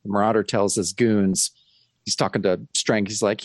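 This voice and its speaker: A man's voice: lowish voice, normal speed, dry recording, studio quality. A man co-hosting a comic podcast, recapping plot points in an amused way. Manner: animated, amused. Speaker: podcast co-host. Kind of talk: casual chat recapping a comic.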